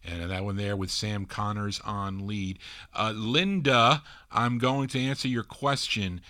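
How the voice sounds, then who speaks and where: A man's voice: on the low side, steady tone, measured pace, sharp tone. A man hosting an oldies record show, chatting casually between records and answering listener questions. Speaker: radio DJ host. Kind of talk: oldies radio DJ patter.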